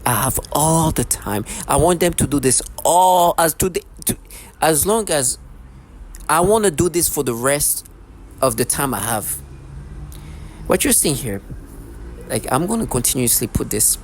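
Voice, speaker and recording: A man's voice: fairly high pitch, lively intonation, measured pace, pauses often. Rambling, agitated man talking to camera. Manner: agitated, repetitive, profane, many restarts. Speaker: vlogger.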